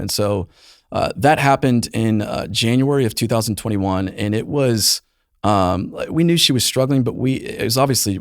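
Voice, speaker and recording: A man in his thirties, a youth pastor guest on a podcast, telling a painful personal story earnestly and with emotion, often softening his voice. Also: creaky, no room sound, studio quality. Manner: earnest, emotional storytelling, voice drops low and soft in painful moments. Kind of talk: personal testimony in conversation.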